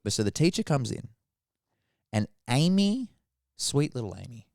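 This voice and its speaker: A man co-hosting a podcast, telling crude, animated stories and acting out the people in them. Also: mid-range voice, fast, creaky, no echo, studio quality. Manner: animated, crude jokes, acts out voices. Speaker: podcast co-host. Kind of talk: casual chat, comic storytelling.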